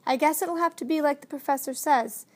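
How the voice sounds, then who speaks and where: Woman narrator doing a soft-spoken, sensible boy in a storybook, high voice. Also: fairly quick, lightly acted. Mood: gentle. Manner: gentle and pleading. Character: gentle, reasonable young boy.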